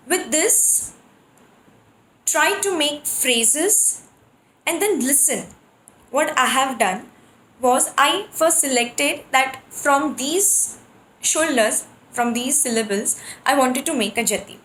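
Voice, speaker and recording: A woman teaching percussion, explaining how to compose rhythm phrases and reciting drum syllables in quick rhythmic bursts. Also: high-pitched, lively intonation, a bit bright, slight background noise. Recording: echoey room.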